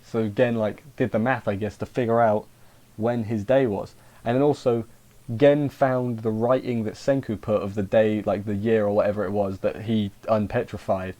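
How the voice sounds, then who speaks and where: A man's voice: fairly low pitch, steady tone, moderate pace, warm tone. A man casually recapping an anime episode, rambling and interrupting himself with wry asides. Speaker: anime reviewer.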